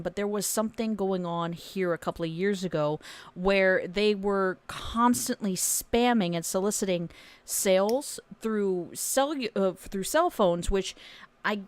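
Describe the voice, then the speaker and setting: A woman in a casual group chat explains things in a rambling, hesitant way. Her voice sits at an ordinary middle pitch. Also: unhurried. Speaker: stream guest.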